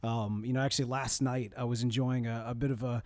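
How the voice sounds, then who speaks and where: A man's voice: medium pitch, level tone, fairly quick, a little mellow. A man co-hosting a podcast, laid-back and joking in casual chat. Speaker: podcast co-host.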